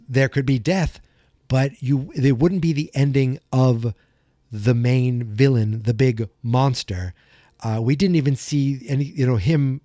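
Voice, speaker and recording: A man's voice: fairly high pitch, dark tone, no room sound, studio quality. A man hosting a fan podcast, chatting through an episode recap in a loose, emotional way. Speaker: podcast host.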